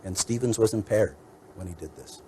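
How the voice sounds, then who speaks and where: A man as defense attorney giving a measured, methodical courtroom mitigation argument, laying out point after point. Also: lowish voice, lively intonation, dark tone, a little hiss or hum, rough recording.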